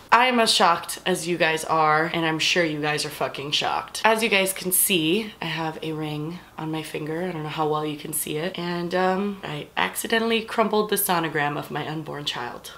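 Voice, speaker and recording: A woman's voice: low voice, normal speed, hardly any pauses, slight background noise. A young pregnant woman hosting her own vlog, chatting casually and swearing freely as she tells stories. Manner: blunt, swears freely, animated storytelling. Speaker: vlogger host. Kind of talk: casual chat to camera.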